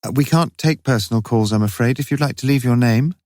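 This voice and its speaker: Voiced by a man, a young female ward nurse answers briskly and politely. The reading is dry and close, pitched above the narrator's usual low voice. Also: a little mellow, dry recording, lightly acted.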